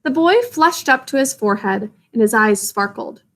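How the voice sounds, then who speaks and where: A woman reads a storybook aloud to children, stopping to ask them gentle questions and explain words. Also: fairly high pitch, expressive, normal speed. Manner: gentle questions to young listeners.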